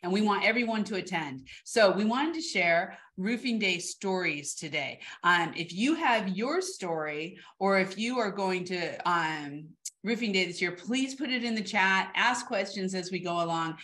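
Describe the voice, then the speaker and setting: A woman hosting a panel webinar, upbeat and quick as she steers the talk. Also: mid-range voice, expressive, a bit bright. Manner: upbeat, quick, running the conversation. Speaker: host.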